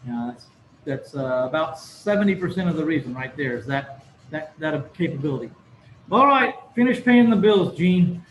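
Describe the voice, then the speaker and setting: A man's voice: a little high, lively intonation, normal speed. A man hosting a podcast in a loose, casual way, full of fillers and restarts. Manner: rambling, filler-heavy, self-correcting. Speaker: podcast host. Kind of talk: casual interview chat. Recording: roomy with faint background noise.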